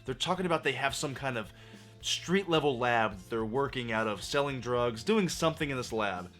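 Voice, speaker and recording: A man giving a profane, exasperated film review rant, his voice going hoarse. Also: mid-range voice, lively intonation, normal speed, fairly bright tone, soft background music. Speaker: movie reviewer.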